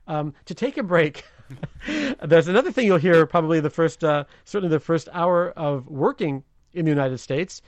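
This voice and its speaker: A man who is a slang expert guest on a radio show, explaining idioms in an animated, chatty way, often chuckling. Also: a little high, normal speed, no room sound. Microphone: remote line from another city.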